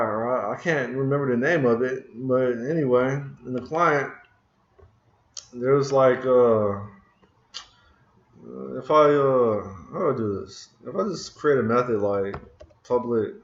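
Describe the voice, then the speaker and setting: A man's voice: mid-range voice, slow pace, pauses often, reverberant, lo-fi sound. A man casually talking through code on his computer, muttering to himself in frustration as he searches for a missing tool. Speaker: programming screencast host. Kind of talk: casual live coding talk. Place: room at a computer. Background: keyboard typing and clicking.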